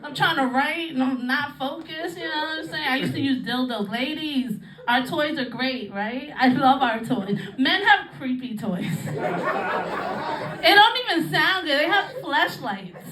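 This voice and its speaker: A high-pitched woman in her thirties works a comedy club stage with a bawdy stand-up set, laughing through her own jokes. Her voice comes from a distant mic in a roomy club. A crowd laughs and claps clearly around her. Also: animated, unhurried. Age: 30s. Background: audience laughing and clapping.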